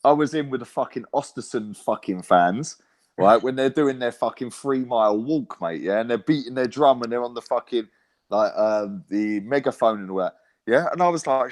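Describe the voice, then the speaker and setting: A man telling animated, swear-filled football stories in a casual chat, tagging lines with "right?" and "mate". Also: mid-range voice, normal speed. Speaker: co-host, football fan pundit.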